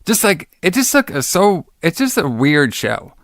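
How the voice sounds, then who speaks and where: A man's voice: on the high side, big pitch swings, a little slow, a bit bright, no room sound, clean studio sound. A man co-hosting a casual podcast, rambling with lots of fillers and enthusiastic about old wrestling shows. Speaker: podcast co-host.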